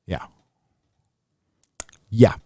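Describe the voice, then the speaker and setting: A man's voice: very slow, dark tone, no room sound. A man hosting a live stream, reading viewer messages in loose, casual talk with fillers, restarts and swearing.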